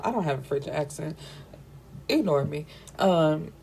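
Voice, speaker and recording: A woman's voice: on the low side, sing-song, normal speed, creaky, dark tone, slight background noise. A young woman hosting a book review, chatting casually with slangy, giggly asides.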